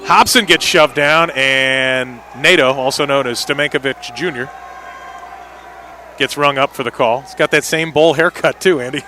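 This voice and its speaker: Excited man calling indoor soccer. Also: mid-range voice, soft background music. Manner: quick, lively calls that rise sharply on big plays. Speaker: play-by-play commentator. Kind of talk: live indoor soccer play-by-play.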